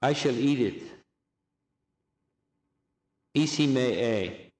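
Slow, deliberate male language teacher. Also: mid-range voice, a little mellow, reverberant. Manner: slow, deliberate drilling of phrases with repetition. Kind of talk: recorded language lesson.

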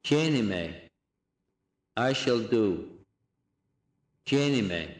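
A man giving a recorded language lesson, saying phrases slowly and repeating each one for drilling. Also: mid-range voice, animated, reverberant. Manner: slow, deliberate drilling of phrases with repetition. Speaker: language teacher.

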